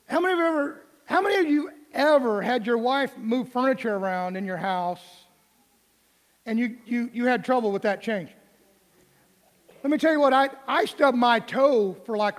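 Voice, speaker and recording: Middle-aged male pastor, very high voice, folksy humorous preaching, reverberant sanctuary. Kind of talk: sermon. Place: church sanctuary.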